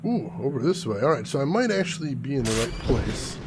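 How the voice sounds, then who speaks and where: A man giving casual, excitable commentary while playing a video game. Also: mid-range voice, a little fast, noisy background. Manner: excitable, jumpy exclamations. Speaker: gaming streamer. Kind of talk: casual let's-play commentary.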